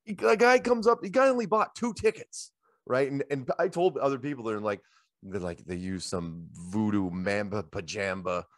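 Middle-aged male host, low voice, dry close sound, animated rambling storyteller. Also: normal speed, no room sound. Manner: animated, rambling anecdotes with repeated "he goes". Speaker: show host. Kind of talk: casual storytelling chat. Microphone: handheld microphone.

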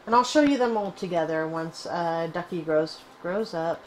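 A woman hosting casual gameplay commentary, chatty and excitable, cooing fondly at her in-game pet. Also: on the low side, moderate pace, slight background noise, poor audio. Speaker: gaming channel host.

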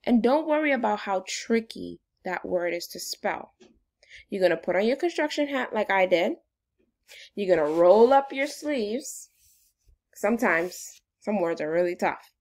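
A woman's voice: mid-range voice, animated, measured pace, darkish tone. A woman teacher giving a phonics lesson to young children in an upbeat, sing-song way.

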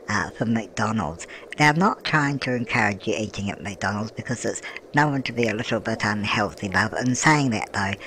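A man's voice: mid-range voice, fairly bright tone, a little hiss or hum. A man putting on a doting old grandmother voice for gameplay commentary, chatty, with endless tag questions and calling everyone love, dear and darling. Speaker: gameplay channel host.

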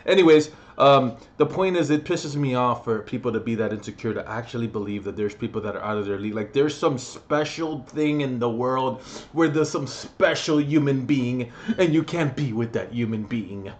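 A young man rants at his viewers with sarcastic, profane energy. His voice sits at an average pitch and keeps swinging between mocking murmurs and loud bursts. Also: normal speed, few pauses. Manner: profane, addresses viewer directly. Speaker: vlogger. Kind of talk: comedic rant to camera.

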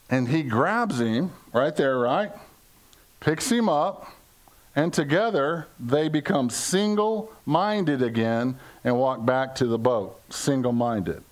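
A man's voice: a little high, expressive, takes it slowly. An older American man preaching a conversational sermon to his congregation, joking, asking questions and acting out quoted lines in playful voices. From United States. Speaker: pastor. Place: church service before a congregation.

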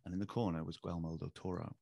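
A man co-hosting a podcast, telling anecdotes in casual chat with quick restarts. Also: low-pitched, creaky, no echo. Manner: fast, animated storyteller, many restarts. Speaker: podcast co-host.

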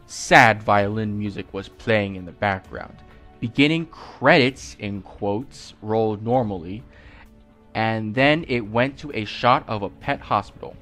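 Slow guy reading a creepy story, faint music in the back, keeps stopping for jokes. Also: lowish voice, a bit bright. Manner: slow, with asides and self-corrections. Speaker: creepypasta reader. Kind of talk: reading a horror story aloud.

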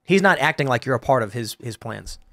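A man hosting a podcast panel, arguing points in an animated, storytelling way with frequent restarts. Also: mid-range voice, fairly quick. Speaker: podcast host. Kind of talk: casual panel debate.

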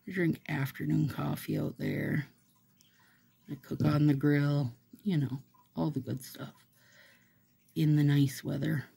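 A woman vlogger chats casually while she does a manicure. Her voice is slow and mellow, with a gravelly, husky texture. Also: sits low. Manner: rambling, chatty, laughs often.

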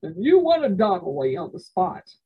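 A woman's voice: on the low side, very animated, normal speed, husky, narrow, tinny audio, heavily acted. A woman voicing an eager, boastful teenage cowboy boy in a read-aloud story. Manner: eager, cocky.

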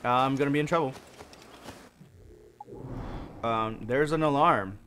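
A man hosting a casual gaming playthrough, chatting as he plays and breaking into sudden high yelps. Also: unhurried, a little hiss or hum. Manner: chatty, animated, bursts into high yelps and shouts. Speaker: gaming channel host. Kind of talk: casual let's-play commentary.

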